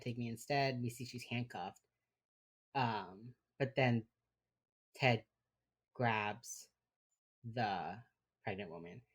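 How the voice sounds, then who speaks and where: A woman with a Miami Cuban-American accent, co-hosting a podcast and recapping a show in casual chat, laid-back, with plenty of fillers and swearing. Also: extremely low pitch. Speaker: podcast co-host.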